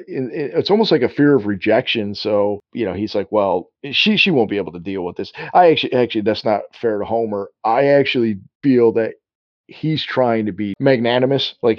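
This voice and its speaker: A man co-hosting a relaxed film chat in a dry room with no echo. His talk rambles and restarts, and he keeps slipping into quoted dialogue. The sound is a little dull and lo-fi. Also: medium pitch. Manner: rambling, self-interrupting, acts out quotes. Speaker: podcast co-host. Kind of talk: casual film discussion.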